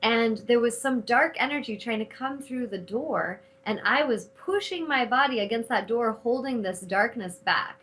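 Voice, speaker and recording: A middle-aged woman hosting a spiritual talk show, speaking in an animated, casual way and cursing freely when she retells her anger. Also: fairly high pitch, moderate pace, hardly any pauses, rough recording. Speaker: host.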